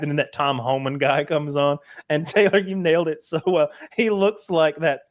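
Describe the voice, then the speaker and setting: A man's voice: a little high, fairly even intonation, moderate pace, few pauses. A man co-hosting a podcast, chatting casually in a rambling way with many false starts. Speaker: podcast host. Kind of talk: casual chat.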